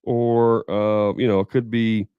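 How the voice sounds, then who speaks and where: A man's voice: fairly low pitch, flat delivery, a little slow, smooth, no echo, phone-quality sound. A man leading a live sales training for contractors, talking casually, thinking aloud and acting out customer conversations.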